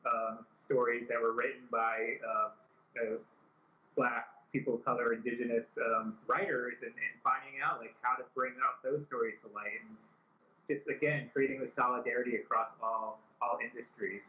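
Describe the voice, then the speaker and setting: A man's voice: mid-range voice, fairly even intonation, moderate pace. A man, a film director, talking thoughtfully as a guest with many ums and restarts. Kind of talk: casual interview chat. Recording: tinny echoey call audio.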